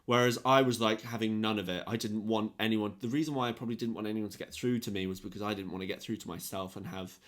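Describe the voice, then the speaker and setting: A young Englishman co-hosting a podcast tells a story in casual chat, speaking fast in a lowish voice with few pauses. An animated storyteller, he acts out the people he quotes, swearing along the way.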